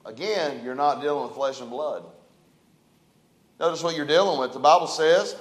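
A man preaching a sermon, his voice sitting high for a man. He talks in a folksy way, rising loud and falling quiet. The sound rings around a roomy church sanctuary. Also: normal speed. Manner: folksy, dynamic preaching with big swings in loudness. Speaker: pastor. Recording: echoey church room.

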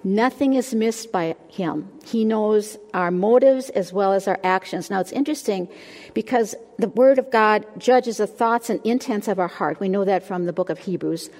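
An older woman teaching a sermon to a women's group, warm and self-deprecating, with soft laughs between her points. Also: medium pitch, moderate pace. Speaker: women's ministry speaker. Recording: long hall reverb.

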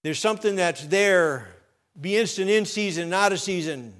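A man's voice: high-pitched, moderate pace, a bit bright. A man, a pastor, preaching a sermon with emphatic rising bursts and light jokes to the congregation.

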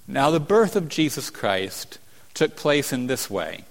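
A man preaching a sermon as a pastor, earnest, rising to emphatic peaks and falling to hushed tones. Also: medium pitch, very animated, unhurried. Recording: long hall reverb.

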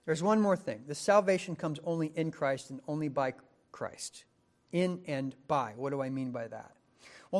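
Male pastor, sermon delivery, slightly higher voice, builds to emphatic questions. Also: moderate pace. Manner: emphatic preaching, rising to stress questions.

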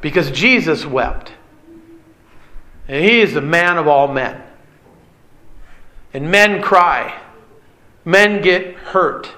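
A man's voice: a little high, expressive, slow, pauses often, sharp tone, low-quality recording. A male preacher giving an emphatic sermon, repeating key phrases and putting questions to his listeners.

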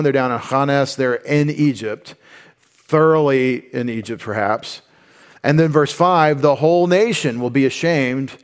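A man teaches through a Bible passage in an easygoing, conversational way, with a voice of ordinary middle pitch. He explains as he goes, breaking off for asides and restarting sentences.

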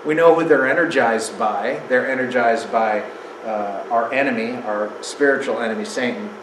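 Animated man teaching scripture in echoey room. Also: medium pitch, normal speed, background noise. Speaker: Bible teacher. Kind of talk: casual Bible teaching to a small group. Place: room with a small group.

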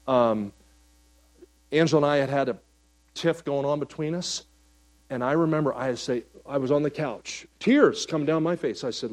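A male pastor preaching a sermon, telling stories and swinging between loud, animated passages and soft, quiet ones. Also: medium pitch, normal speed.

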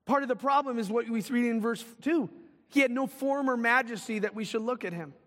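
High-voiced male preacher in a reverberant hall. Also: a little fast. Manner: preaching with dramatic swings from loud to hushed. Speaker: pastor. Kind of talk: sermon.

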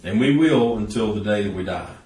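A man's voice: on the low side, animated, fairly quick, a little mellow, roomy sound, far from the mic. A man preaching a sermon earnestly, building to emphatic peaks. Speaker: pastor.

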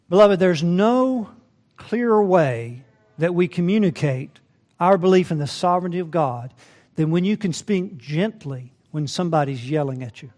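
A man preaching a sermon, who rises to loud emphatic peaks and drops to soft asides, calling listeners beloved and asking "right?". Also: fairly high pitch. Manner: addresses listeners as beloved, asks rhetorical "right?". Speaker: pastor.

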